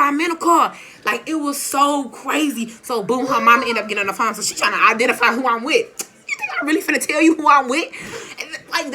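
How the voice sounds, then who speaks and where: A young woman telling a story in a casual, animated and slangy way, often laughing. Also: on the high side. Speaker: vlogger.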